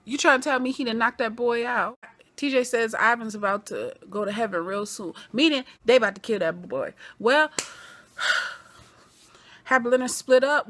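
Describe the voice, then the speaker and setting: A woman giving an animated recap of a TV episode, acting out the characters' lines in quoted voices as she goes. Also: on the high side. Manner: acts out scenes in quoted voices. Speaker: TV episode reviewer.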